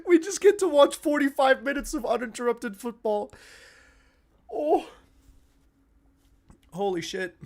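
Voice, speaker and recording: A man's voice: extremely high pitch, measured pace, long pauses. A young man hosting a live football watch-along stream, chatting casually, swearing freely and getting worked up over the play. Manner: excitable, swears freely, shouts and laughs at goals.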